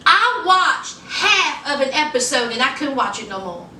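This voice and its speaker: A woman recaps a reality show in a sassy, chatty vlog, talking straight to her viewers with plenty of y'all and honey. Her voice sits high and bright. She is recorded from a little way off in an echoey room with faint noise behind her. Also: big pitch swings, normal speed. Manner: acts out quoted people in a higher voice. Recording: echoey room, mic at a distance.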